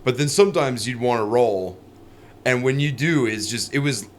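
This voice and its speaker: Animated male storyteller on a podcast. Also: medium pitch, moderate pace, a little hiss or hum. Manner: animated storyteller, laughs mid-sentence. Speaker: podcast guest. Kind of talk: casual chat.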